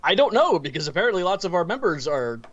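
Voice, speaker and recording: A man co-hosting a casual movie review podcast, recounting scenes in an animated, storytelling way. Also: high voice, fast talker, lo-fi sound. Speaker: podcast co-host.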